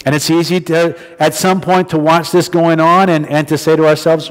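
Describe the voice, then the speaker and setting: Guy from new jersey giving a sermon, kinda high voice, chatty with lots of restarts, long church echo. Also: level tone, moderate pace, few pauses. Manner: conversational storytelling with frequent restarts. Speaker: preacher. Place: church hall.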